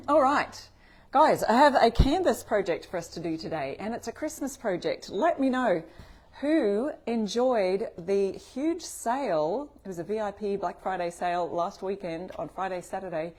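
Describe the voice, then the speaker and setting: A woman's voice: medium pitch, a little mellow. A woman with an Australian accent hosting a live craft tutorial stream, chatting and greeting viewers by name.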